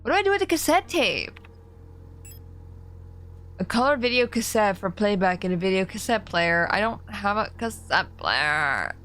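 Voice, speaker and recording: A woman's voice: medium pitch, very animated, moderate pace, fairly bright tone. A young woman in casual live-stream commentary, giggly and chatty, easily startled as she plays. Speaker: game streamer.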